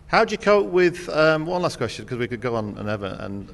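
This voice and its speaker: A man's voice: medium pitch, very animated, a little fast, creaky, slight background noise. A male radio host conducting an interview, asking chatty, leading questions. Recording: long hall reverb.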